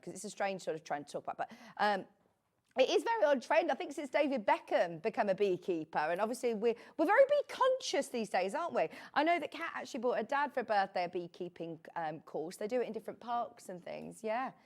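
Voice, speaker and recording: A chatty woman hosting live TV sales, her voice sitting a little higher than most. She rambles warmly off topic with asides to the viewers before circling back to the product. Middle-aged and relaxed, she keeps an easygoing conversational flow. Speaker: shopping channel presenter.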